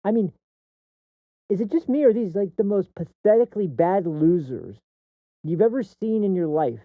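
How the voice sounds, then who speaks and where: A man's voice: sits high, lively intonation, moderate pace, no echo. Heated, profane man on tinny audio. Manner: repeats and restarts words mid-sentence. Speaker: streamer host. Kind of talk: political commentary livestream. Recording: dry, tinny phone-like audio.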